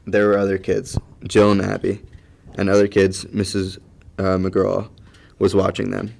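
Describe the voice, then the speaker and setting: A man voicing a grown woman who recounts a disaster in simple, halting, childlike sentences. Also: low-pitched, monotone, gravelly, a little mellow. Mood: flat recollection. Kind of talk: audio drama acting.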